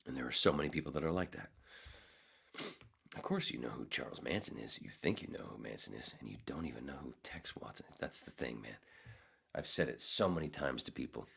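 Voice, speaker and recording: Deep gravelly-voiced man ranting. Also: a little fast. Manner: profane, rambling, animated, acts out voices. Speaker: podcast host. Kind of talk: casual podcast rant.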